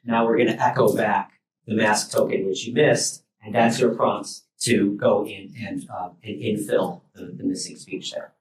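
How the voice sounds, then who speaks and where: Male researcher at a workshop talk, halting delivery, roomy and distant mic with faint noise. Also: on the low side, fairly even intonation. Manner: loose and halting, many fillers and restarts. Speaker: university researcher giving a talk. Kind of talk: technical lecture. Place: lecture room at a workshop.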